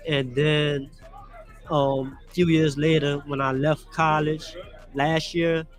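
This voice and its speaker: A man's voice: on the high side, little pitch movement, slow, soft background music. A young man in his twenties, a guest at a live podcast, telling his story in long, meandering answers. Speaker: interview guest, actor. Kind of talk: casual interview answers. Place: live at a church health fair.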